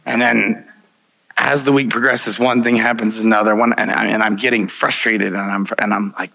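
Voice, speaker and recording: A man's voice: fairly low pitch, steady tone, normal speed, vocal fry, sharp tone, rough recording. A man preaching a sermon, telling personal stories in an earnest way, chuckling often and restarting his sentences. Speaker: pastor.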